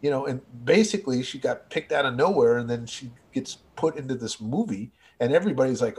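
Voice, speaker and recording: A man's voice: mid-range voice, expressive, brisk, hardly any pauses, darkish tone. A man in a casual film discussion, chatty, adding background facts and often trailing off mid-sentence.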